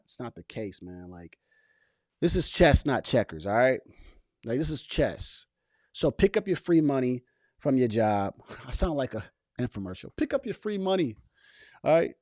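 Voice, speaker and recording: The speaker is a man hosting a laid-back commentary video, responding to a podcast clip as he addresses viewers passionately, slang-heavy, on the subject of keeping your job while you build a business. The sound is clean studio audio with no echo, and his voice sits mid-range.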